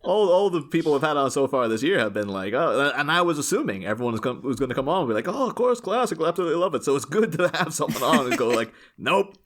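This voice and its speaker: A man co-hosting a podcast in a relaxed film chat. His pitch rises and falls a lot as he talks. He keeps slipping into playful impressions of the characters he is discussing. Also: fast, hardly any pauses. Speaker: podcast co-host.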